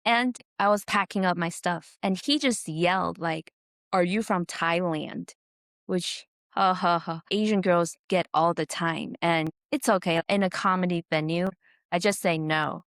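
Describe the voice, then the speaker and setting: A woman comedian from the United States talks through a story on her podcast in a fairly low voice, animated and quick to swear. She acts out what people said with a raised voice. The sound is dry and close, with no room echo. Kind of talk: casual storytelling monologue.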